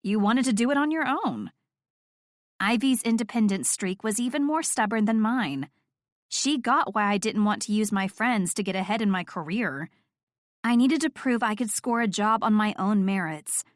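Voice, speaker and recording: A woman narrates a first-person romance audiobook in an even, wry, reflective voice. Her pitch sits mid-range. The studio recording is close and dry. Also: moderate pace, dry recording.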